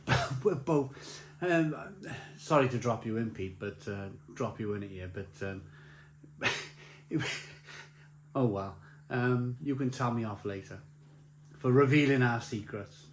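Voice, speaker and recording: A man's voice: mid-range voice, measured pace, a little hiss or hum. A man telling a rambling, laughing anecdote as a beer vlogger, with many restarts. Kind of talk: casual anecdote. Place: beer festival. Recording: roomy echo with faint ambience.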